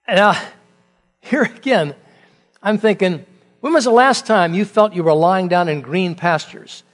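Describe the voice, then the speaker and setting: A man's voice: high-pitched, unhurried. A middle-aged man preaching a sermon as pastor, talking conversationally with rhetorical questions and joking asides.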